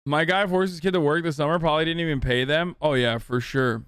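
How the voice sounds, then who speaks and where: A male streamer in his thirties reacts on a live stream, cursing freely and mocking what he watches. His voice sits a little high and comes through smooth and clear. The sound is dry and close. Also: fast talker, fairly bright tone, no room sound. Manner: profane, mocking, blunt. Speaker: streamer and political commentator.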